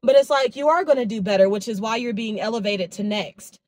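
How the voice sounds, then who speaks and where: A woman's voice: on the high side, a little fast, darkish tone, no echo. A young woman talks straight to her phone camera in a loose, chatty vlog style. She tells stories animatedly, slipping into quoted lines from her own conversations, recorded in her car and around her home. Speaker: vlogger. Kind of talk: casual vlog chat to camera.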